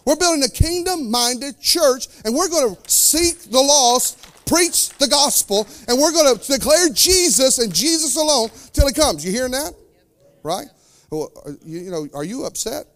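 High-voiced man preaching with passion. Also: expressive, normal speed, a bit bright. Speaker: pastor. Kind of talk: sermon.

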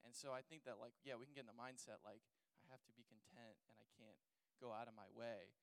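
A young man speaks off the cuff on a panel, stacking fillers and restarting his thoughts. His voice is smooth and clear, recorded dry and up close. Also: medium pitch, fairly even intonation, quick pace, no room sound, poor audio. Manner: rambling, many fillers like "like" and "you know". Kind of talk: casual chat on faith and dating.

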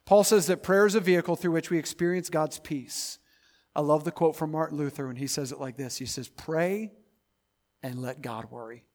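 A pastor in his thirties preaching to his congregation, his voice sitting a touch higher than most men's. He climbs into loud, emphatic runs and then drops back to a soft, close tone. The delivery is a spoken sermon, direct and urging. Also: moderate pace. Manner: preaching, building to loud emphatic peaks then dropping quiet.

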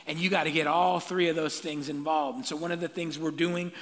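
A male pastor preaching a sermon with energy, calling out to the congregation for answers and building to shouts. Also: a little high, brisk. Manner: energetic call-and-response preaching, rising to shouts. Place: church sanctuary. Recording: long reverb of a large church hall.

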